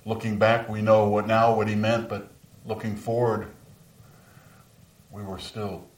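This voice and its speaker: Speaking as the apostle Peter, a man performs a first-person dramatic monologue full of remorse over his denial, earnest and sinking to whispers in grief, before a live audience in a large room. His voice sits on the low side with little pitch movement, a little slow and lightly acted. Roomy sound from a distant mic carries slight background noise.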